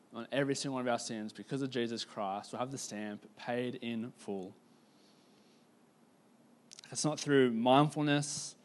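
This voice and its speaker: With a mid-range voice, a man preaches a sermon like he's telling a casual story, filling it with "like" and slowing down to stress key points.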